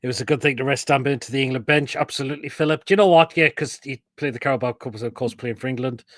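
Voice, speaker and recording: A man's voice: medium pitch, very fast, no room sound, clean studio sound. Blunt, swearing male football show host. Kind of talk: casual live football chat, reading viewer comments.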